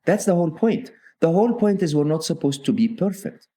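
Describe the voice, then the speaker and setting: A middle-aged man appears as a guest author in a podcast interview, speaking earnestly and frequently checking in with "okay?". His voice sits on the high side with a dark tone, lively intonation, and a brisk pace.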